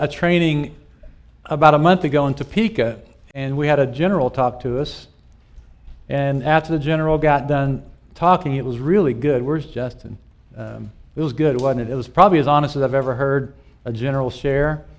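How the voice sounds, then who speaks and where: Middle-aged man, pastor, mid-pitched voice, relaxed conversational teaching, storytelling, rhetorical questions to a live audience. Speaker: pastor speaking to small group leaders. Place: church meeting with a live audience.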